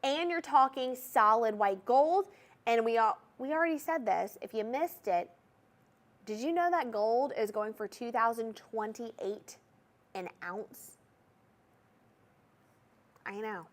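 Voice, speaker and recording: A woman's voice: fairly high pitch, unhurried. A woman with a Southern US accent hosting a TV shopping show, chatty and gushing as she talks straight to the viewers. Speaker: home shopping host. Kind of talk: TV shopping sales pitch. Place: TV shopping studio.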